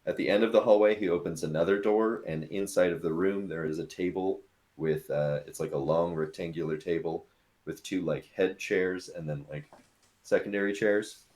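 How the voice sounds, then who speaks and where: A man with a very low voice narrates a tabletop game as its game master. He talks in a relaxed, casual way, with a lot of small fillers. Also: moderate pace.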